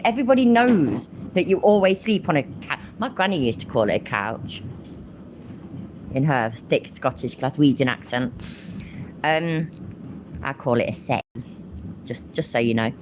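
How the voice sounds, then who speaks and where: Lady ranting at home, lots of swearing, swoopy pitch, bit of hum behind. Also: sing-song, moderate pace. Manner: sarcastic, swears freely, laughs easily. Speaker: commentary channel host. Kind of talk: casual sarcastic commentary.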